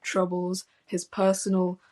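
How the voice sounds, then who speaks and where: A woman's voice: on the low side, completely flat delivery, measured pace, warm tone. A young woman co-hosting a music review podcast, chatting casually, giggly and blunt with frequent swearing. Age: young adult. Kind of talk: casual chat.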